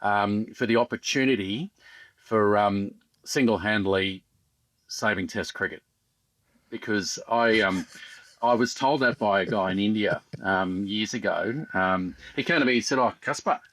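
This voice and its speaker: An Australian man in his fifties, a former fast bowler guesting on a podcast, telling rambling stories with dry humour and lots of ums. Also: on the low side, a bit bright, dry recording. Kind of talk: casual podcast chat.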